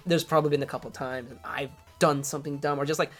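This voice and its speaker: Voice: mid-range voice, fairly even intonation, fast talker, a bit bright, soft background music. A podcast host recapping an episode in casual chat, rambling with many restarts.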